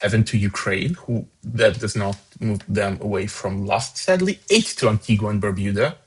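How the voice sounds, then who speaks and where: A man with a lowish voice speaks at normal speed as he hosts a fan song contest, reading out votes live with chatty asides and an upbeat attitude toward the scores. There's slight background noise, and the recording quality is low.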